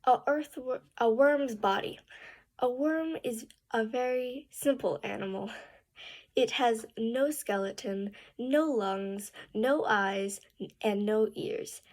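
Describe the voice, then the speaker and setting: A woman reading a book aloud slowly and carefully, with restarts and a rising pitch at sentence ends. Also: a little mellow. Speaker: reading student.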